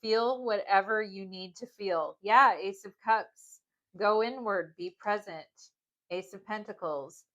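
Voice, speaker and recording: A woman's voice: medium pitch, a little slow, a bit bright, poor audio. A woman giving a casual pick-a-card tarot reading, talking in loose, rambling sentences full of "like" and "um" and often checking in with "okay?". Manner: rambling, filler-heavy, keeps asking "okay?". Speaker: tarot reader.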